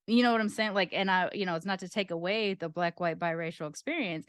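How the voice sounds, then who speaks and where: A woman's voice: on the low side, no room sound, clean studio sound. A woman co-hosting a casual podcast chat, emphatic and opinionated, counting off her points. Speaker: podcast co-host.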